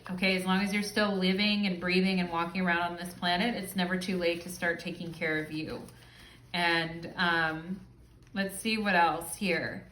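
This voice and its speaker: A woman's voice: on the low side, a bit bright. Chatty woman reading tarot in a roomy space. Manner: chatty, frequent "okay?" check-ins, casual swearing. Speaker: tarot reader. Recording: roomy echo.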